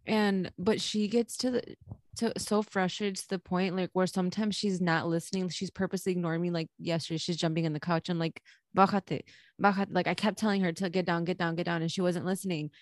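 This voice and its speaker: A woman's voice: lowish voice, little pitch movement, fast talker, no echo. A young woman co-hosting a podcast in casual chat, candid and laughing, swearing freely and slipping into Spanish phrases. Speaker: podcast co-host.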